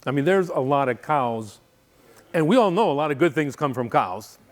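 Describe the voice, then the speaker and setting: A middle-aged man from Wisconsin telling jokes and stories to a men's group in a coffee shop. He rambles cheerfully and drops deadpan asides, his voice sitting slightly high for a man. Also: moderate pace. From Wisconsin, USA. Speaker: guest speaker. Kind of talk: humorous speech to a men's group.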